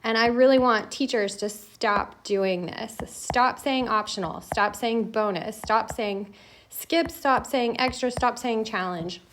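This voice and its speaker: A woman's voice: on the high side, slow pace, a bit bright, a little hiss or hum. A woman hosting a casual solo coffee talk on education, chatty and emphatic, laughing between points.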